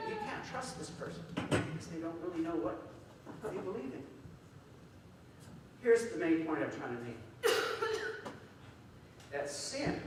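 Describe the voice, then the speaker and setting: Animated male preacher, high voice, distant mic in a reverberant hall. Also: noisy background. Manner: animated, acts out quoted voices. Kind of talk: sermon. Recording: echoey hall from far off.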